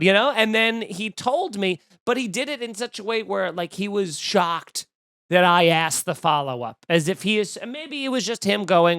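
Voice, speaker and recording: Animated high-voiced comedian host. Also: male voice, moderate pace, no room sound, clean studio sound. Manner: animated, acts out quoted voices. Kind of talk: casual comedic rant.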